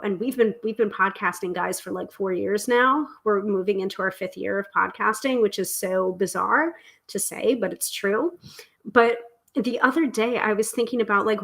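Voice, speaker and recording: A middle-aged woman hosting a live tarot stream, talking casually and excitedly with many fillers and restarts. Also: mid-range voice, rough recording. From United States.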